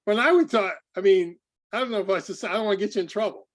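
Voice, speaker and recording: A man hosting a podcast, joking with his guest and asking casual questions. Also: high-pitched. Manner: joking, quick reactions. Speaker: podcast host.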